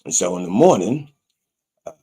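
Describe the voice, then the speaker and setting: A man hosting a comic sermon show, rambling with wry, deadpan asides. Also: low voice, moderate pace, breathy edge. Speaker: pastor and show host.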